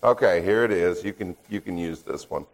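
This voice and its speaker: An older man, a guest preacher, opening his sermon in a relaxed, joking, self-deprecating way before turning to scripture. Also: sits low, normal speed. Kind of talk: sermon with dad jokes.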